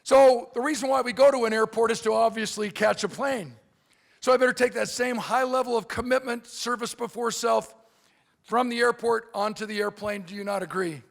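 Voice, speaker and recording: A middle-aged man speaks from the stage as a motivational speaker, his voice pitched high for a man and gravelly at the edges. He moves his keynote along with comic storytelling and plays out the other people in quick quoted voices. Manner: animated, acts out characters in quoted voices. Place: convention hall.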